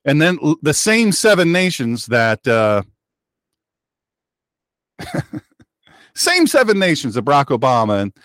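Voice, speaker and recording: A male radio talk host delivering an opinionated monologue. His fairly high voice swoops up and down with lively emphasis, sarcastic and preachy. The sound is dry and close, with no room echo.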